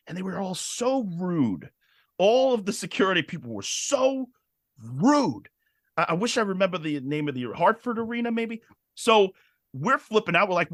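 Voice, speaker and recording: A man co-hosting a podcast, telling stories in an excitable, animated casual chat. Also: sits high, normal speed, no echo, studio quality. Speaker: podcast co-host.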